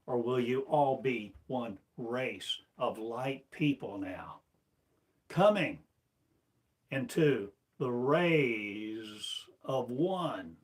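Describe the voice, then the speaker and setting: An American preacher with a mid-range voice speaks as a spiritual teacher. In his slow, declamatory sermon, he strings together a steady stream of rhetorical questions.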